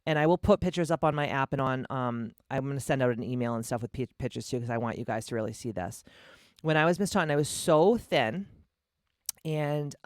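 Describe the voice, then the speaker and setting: A woman's voice: sits low, no room sound, clean studio sound. A woman from Massachusetts in her forties, hosting her own podcast in a candid, blunt, profane solo monologue full of casual fillers. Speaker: podcast host.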